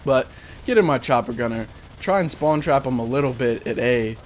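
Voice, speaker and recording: Young male gamer, mid-pitched, loose and profane, narrating his match with a self-mocking grin. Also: animated, moderate pace, a little hiss or hum. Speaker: gaming commentator. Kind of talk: casual voice-over commentary on gameplay.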